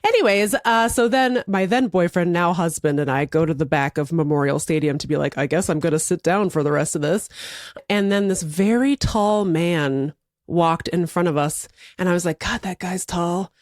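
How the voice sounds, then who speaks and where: Animated laughing woman telling a story. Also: on the low side, normal speed, no room sound, clean studio sound. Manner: animated, laughing, acts out quotes. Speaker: podcast co-host. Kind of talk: casual storytelling chat.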